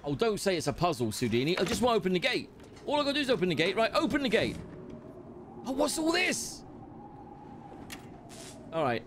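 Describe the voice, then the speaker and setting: A man giving excitable, frantic running commentary while he plays a video game. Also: sits high, brisk, pauses often, noisy background. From United Kingdom. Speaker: gaming commentator. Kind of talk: live gameplay commentary. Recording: loud game audio under voice. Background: loud game sounds.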